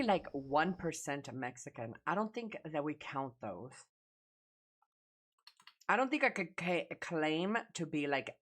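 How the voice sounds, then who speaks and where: A woman's voice: low-pitched, a bit bright. A young woman streamer chatting casually with her live chat, reading messages aloud, answering offhand and swearing freely.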